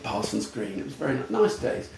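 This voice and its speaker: A man's voice: medium pitch, very animated, a little fast, vocal fry, loud music behind the voice. An English man who is a guest on an interview podcast, telling stories bluntly and with animation, often laughing. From England. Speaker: guest, retail futurist. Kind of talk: casual storytelling interview. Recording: echoey room with faint background noise.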